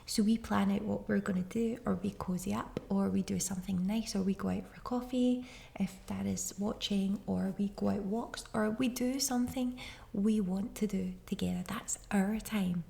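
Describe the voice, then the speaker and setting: Gravelly-voiced woman giving parenting advice. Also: mid-range voice, fairly even intonation, normal speed, dark tone. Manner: chatty and reassuring, speaks directly to listeners. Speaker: podcast host. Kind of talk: casual parenting advice monologue.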